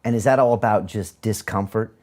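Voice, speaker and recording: A man's voice: on the low side, fairly quick, a little mellow. A man hosting an interview, asking questions and summing up what his guest says. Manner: prompting, sums up the guest's points. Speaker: interview host. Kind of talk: conversational interview.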